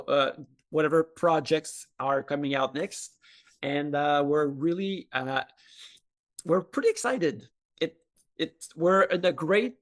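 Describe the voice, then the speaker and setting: A man with a French Canadian accent fields questions about his studio. His voice sits slightly higher than most, and he hesitates often, filling gaps with uhs and self-corrections. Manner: hesitant, many filler uhs and restarts. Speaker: game studio representative. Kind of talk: video call interview answers.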